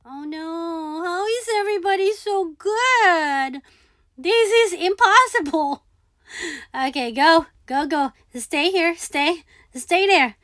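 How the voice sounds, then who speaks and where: A woman's voice: extremely high pitch, slow, fairly bright tone, dry recording, clean studio sound. A woman giving live commentary on her own gameplay, talking herself through each move, repeating words and pleading with the game. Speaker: gaming video creator.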